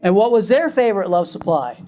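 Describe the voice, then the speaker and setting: A man's voice: sits high, big pitch swings, fairly quick, warm tone. An older man giving a recorded classroom lecture in a conversational way, chuckling often.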